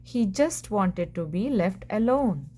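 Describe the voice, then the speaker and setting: A woman reading a picture book aloud for children in a gentle, deliberate way. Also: mid-range voice, expressive. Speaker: children's story reader. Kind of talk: storybook read-aloud for kids.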